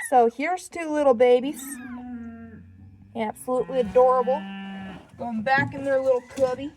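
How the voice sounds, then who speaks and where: A woman's voice: normal speed, pauses often, noisy background. A young woman with a put-on Southern drawl, chatting casually while walking around a farm, a little out of breath. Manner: chatty, coos at animals in a high baby voice. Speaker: farm vlogger. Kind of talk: casual walk-and-talk farm vlog. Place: outdoors on a farm.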